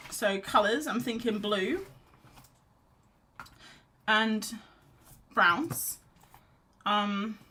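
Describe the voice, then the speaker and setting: A woman streaming her painting from home talks in a medium-pitched voice, sitting on a sofa under a blanket. Chatty and rambling, she reads viewers' messages and gives herself encouragement. There's quiet music in the background and a slight hiss or hum.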